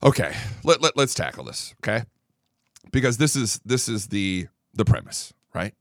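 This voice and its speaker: A man's voice: lowish voice, very animated, moderate pace, a bit bright, dry recording, clean studio sound. A man hosting a political talk show who rants angrily and combatively. He swears freely and repeats words when worked up. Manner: angry, combative, swears a lot.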